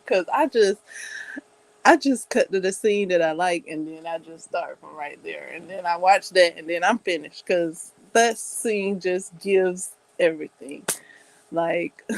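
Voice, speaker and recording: A woman's voice: on the low side, a little mellow, low-quality recording. A woman vlogger in casual chat, rambling and giggling, with many hesitant fillers.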